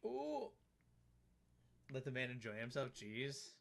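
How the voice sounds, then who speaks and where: A man's voice: mid-range voice, wildly swooping pitch, takes it slowly, gravelly, a bit bright. A man streaming a game live, chatting casually and teasing an on-screen character.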